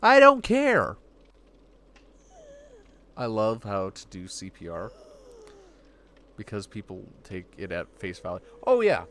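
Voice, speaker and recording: A man hosting a livestream, rambling in casual chat and acting out quick voices when quoting. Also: low voice, very animated. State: getting hiccups. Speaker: livestream host.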